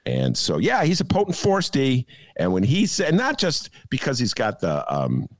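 A man's voice: mid-range voice, huge pitch swings, normal speed, no echo. A man co-hosting a political podcast, ranting sarcastically about the week's news. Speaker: podcast co-host. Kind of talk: casual political commentary.

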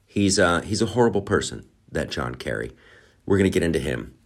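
A man's voice: sits low, animated, brisk. A man hosting a comedy podcast, talking in a rambling, profane, sarcastic monologue with lots of fillers. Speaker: podcast host.

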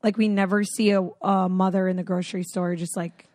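Podcast co-host: a woman, animated, laughs easily, salty mouth, dry close mic. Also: medium pitch, fairly quick, no room sound. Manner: animated, laughs often, swears casually. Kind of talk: casual chat.

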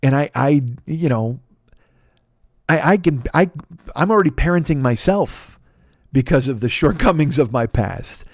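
A man's voice: fairly high pitch, animated, measured pace, no echo, clean studio sound. Profane, rambling middle-aged man. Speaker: podcast host. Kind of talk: casual solo monologue.

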